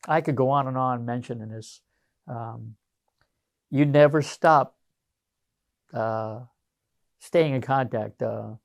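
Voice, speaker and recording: A man's voice: mid-range voice, creaky, a little mellow, dry recording. Older man, a retired Marine, rambling. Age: 60s. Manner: rambling, anecdotal, many fillers and restarts. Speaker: retired Marine gunnery sergeant, interviewee. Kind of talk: casual storytelling interview.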